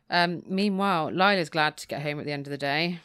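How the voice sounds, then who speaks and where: A woman's voice: low voice, a bit bright, smooth, dry recording. A woman co-hosting a book podcast, recapping the plot and reading passages aloud with dry, mock-dramatic relish. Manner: reads quotes with dry, mock-dramatic relish, laughs often. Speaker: podcast co-host.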